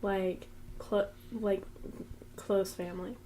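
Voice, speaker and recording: A woman's voice: mid-range voice, flat delivery, takes it slowly, background noise. A young woman co-hosting a podcast in casual chat, giggly and chatty with lots of "like". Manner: giggly, chatty, uses "like" often. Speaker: podcast co-host.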